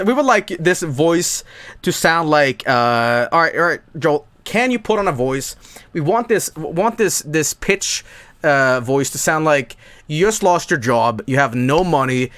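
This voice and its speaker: A male streamer giving profane live commentary, rambling and stammering through repeated words, with sudden jumps in pitch. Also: expressive, a little slow, a bit bright, no room sound.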